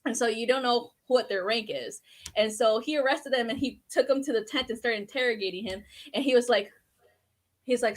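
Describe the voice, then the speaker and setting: Woman, podcast guest, chatty, laughs often, curses freely, slightly high voice. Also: brisk. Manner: laughs a lot, swears freely, animated storytelling. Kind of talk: casual chat.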